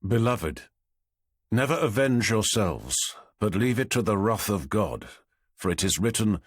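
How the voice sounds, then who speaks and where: A man, narrating an audiobook in a measured, expressive way, on a close studio microphone. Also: lowish voice, slightly rough, no echo.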